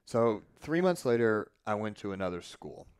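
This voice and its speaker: A man telling a long story in casual conversation, animated and profane, often restarting his sentences. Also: on the low side, moderate pace, clean tone, no room sound, clean studio sound. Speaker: podcast guest.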